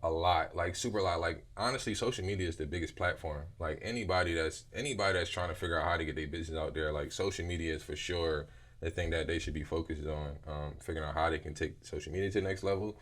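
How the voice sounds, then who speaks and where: Young male guest from Philadelphia, low bright voice, animated storyteller who acts out quotes. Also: quick pace. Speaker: guest, dessert business owner. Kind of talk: casual storytelling interview.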